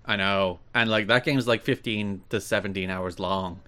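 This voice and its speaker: A man's voice: on the low side, fairly even intonation, moderate pace, pushed and bright, clear, resonant tone. Young guy hosting a podcast, dry teasing humor, just chatting. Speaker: podcast host. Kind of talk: casual chat.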